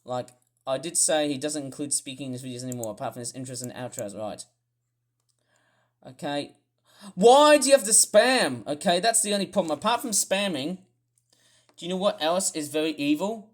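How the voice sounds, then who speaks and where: A grumpy vlogger who rambles through a ranting commentary, often restarting and suddenly bursting into shouts. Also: mid-range voice, fairly quick. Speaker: toy review vlogger.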